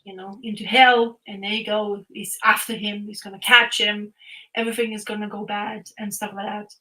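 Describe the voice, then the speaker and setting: Bright-voiced woman rambling about comics. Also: mid-range voice, moderate pace, poor audio. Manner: rambling, animated storytelling with frequent fillers and restarts. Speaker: podcast co-host. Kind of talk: casual chat retelling a comic plot.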